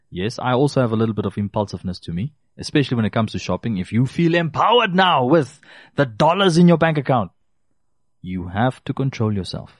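A man's voice: medium pitch, no room sound, studio quality. A man giving consumer advice, talking directly to listeners and repeating key phrases for emphasis. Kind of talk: casual advice talk to listeners.

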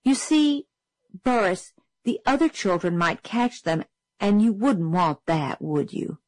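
A woman's voice: medium pitch, animated, takes it slowly, no echo, poor audio. A woman voicing a flustered young schoolteacher in a storybook reading, prim and anxious.

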